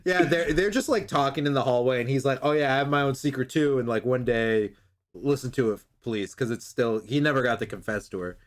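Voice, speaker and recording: Recapping an anime episode in casual chat, a brisk man with a medium-pitched voice swears liberally and acts out the characters' lines.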